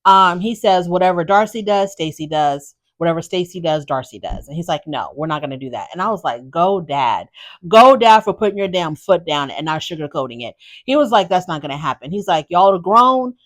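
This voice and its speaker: Blunt, animated woman recapping reality TV. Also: on the low side, fairly quick. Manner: animated, blunt, exasperated rhetorical questions. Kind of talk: casual opinionated recap commentary.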